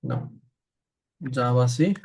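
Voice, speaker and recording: A man's voice: mid-range voice, slow pace, a little mellow, husky. A man with an Indian English accent teaching a live online programming class, asking questions and answering them himself. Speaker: programming instructor.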